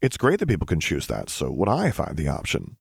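A man voicing Luke, an earnest, flustered teenage boy who looks after a group of clones, with a hurried, protective manner. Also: a bass voice, huge pitch swings, gravelly, husky, dry recording, studio quality, exaggerated voice. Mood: explaining. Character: earnest teen male clone caretaker, flustered.

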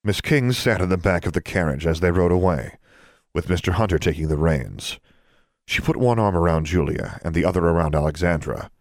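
A man reading a story aloud as a narrator, in a steady, measured way. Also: low-pitched, no room sound. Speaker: audiobook narrator. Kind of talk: scripted narration.

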